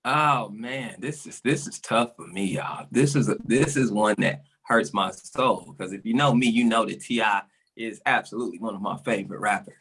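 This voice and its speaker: A man's voice: fairly low pitch, normal speed, fairly bright tone, breathy edge. A man on a podcast, ranting with passion and repeating himself for emphasis, a little out of breath. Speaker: resident comic on podcast. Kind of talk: casual podcast chat.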